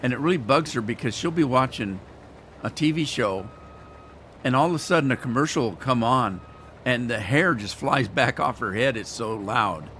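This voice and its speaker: A man's voice: medium pitch, expressive, normal speed, a bit bright, a little hiss or hum. A man hosting a gaming channel, chatting casually and rambling in a folksy way while he plays. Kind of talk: casual let's-play commentary.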